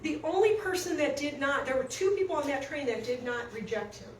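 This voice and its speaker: Animated woman coach storytelling. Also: sits high, brisk, far from the mic. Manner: animated storyteller, acts out quotes. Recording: echoey room, speaker off-mic, faint noise.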